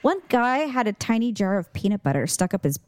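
A woman in her forties tells a story in a casual chat, jumping up and down in pitch as she acts out each quote. She swears freely and sounds frank. Her voice is recorded close and dry, with no room sound. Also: very animated, fairly quick, a little mellow, no room sound.

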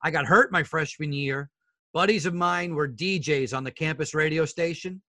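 Middle-aged sports broadcaster guy, kinda high bright voice, dry close sound, acts out everyone in his stories. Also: moderate pace, no room sound. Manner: animated storyteller who acts out the other people in his stories; addresses the hosts as fellas. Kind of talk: casual interview storytelling.

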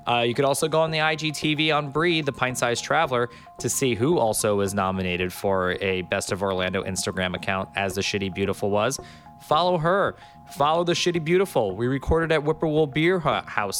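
A man's voice: mid-range voice, fairly bright tone. Rambling podcast host, casual man. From Miami Beach, Florida. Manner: rambling, loose and joking, with filler words. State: a bit under the weather.

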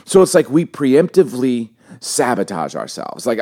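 A man in his forties co-hosting a casual talk, an animated storyteller who repeats phrases for emphasis. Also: medium pitch, normal speed. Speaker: podcast co-host. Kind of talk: casual chat with teaching.

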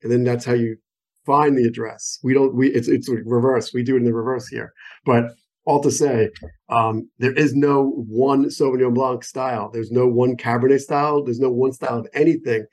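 With a steady tone and a mid-range, slightly mellow voice, he talks at a normal speed. He's an American wine expert, a guest on a phone call, explaining conversationally in an eager, digressive manner with many examples, interview-style.

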